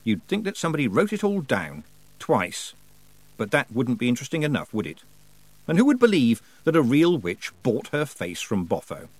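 A man's voice: mid-range voice, wildly swooping pitch, normal speed, dry recording. A man voicing a wry young girl witch. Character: young girl witch, clever and dry-witted.

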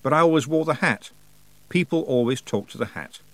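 A man's voice: mid-range voice, animated, brisk, no room sound, pitched above the performer's own voice, natural voice. A man voicing a clever young girl witch with a wry, thoughtful way of talking, for an audiobook.

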